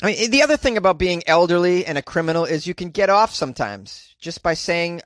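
A male podcast host in a casual comedic monologue, rambling and self-deprecating, with a slightly higher voice than most men. His words come full of "you know" and "uh" through a close microphone in a dry, deadened sound. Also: expressive, fairly quick, few pauses, fairly bright tone, no echo.

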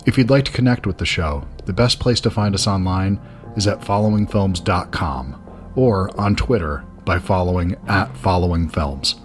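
A man's voice: low-pitched, moderate pace, soft background music. A man from Georgia with a Southern accent, hosting a film podcast and chatting eagerly, often rambling with restarts. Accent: Southern American. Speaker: podcast host. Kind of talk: conversational film interview.

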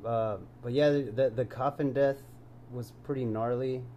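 Man, podcast co-host, relaxed movie chat, dark mellow tone, easygoing. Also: mid-range voice, moderate pace, slight background noise. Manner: laid-back, says "dude" a lot. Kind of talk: casual movie review chat.

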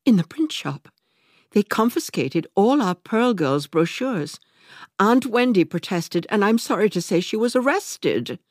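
A woman voicing a panicked middle-aged woman who wails her words in a high, breathless voice. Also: very animated, measured pace, no echo, studio quality. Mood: alarmed.

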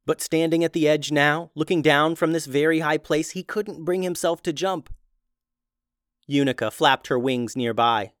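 A man narrating a children's fantasy adventure in a steady, even reading voice. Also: a little high, normal speed, clean tone, dry recording, studio quality. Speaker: storyteller.

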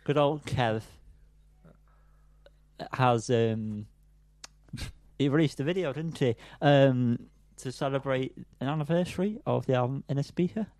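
A man's voice: medium pitch, measured pace, pauses often, darkish tone, no echo. A man co-hosting a music podcast, chatting casually with lots of ums and self-amused asides. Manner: rambling, frequent ums, laughs at himself. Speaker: podcast co-host.

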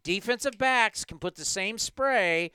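A man hosting a sports talk show, ranting emphatically in a lively, animated way. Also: sits high, measured pace, smooth, no echo. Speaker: host.

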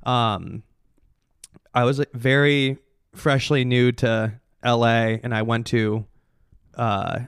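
A man's voice: medium pitch, little pitch movement, slow, smooth, no echo, studio quality. Rambling young man telling a story. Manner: rambling, many fillers and restarts. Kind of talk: casual storytelling chat.

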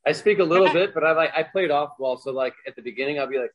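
A man rattles off a casual anecdote quickly, filling it with "like". His audio is dull and lo-fi. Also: fairly high pitch. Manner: casual, full of "like".

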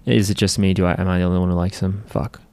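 A man's voice: sits low, level tone, rapid-fire, warm tone, clear, resonant tone. A man co-hosting a podcast, chatting casually and jokingly while recapping an anime, acting out characters' lines. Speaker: podcast co-host.

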